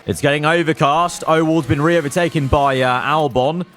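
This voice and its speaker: A man commentating his own racing management game, cheering on his drivers and swinging between calm analysis and elated outbursts. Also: on the high side, normal speed. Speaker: gaming YouTuber.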